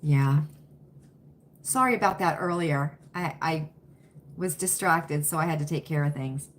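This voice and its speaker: A woman's voice: deep voice, unhurried, slight background noise. A woman hosting a live stream, chatting folksily with viewers and answering their comments by name. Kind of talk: casual chat with live viewers.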